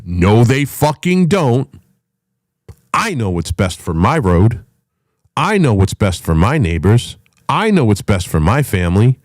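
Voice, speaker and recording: A man's voice: mid-range voice, a little mellow, no echo. A man from the United States ranting in a blunt, combative way, with a lot of swearing. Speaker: podcast host. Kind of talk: unscripted rant.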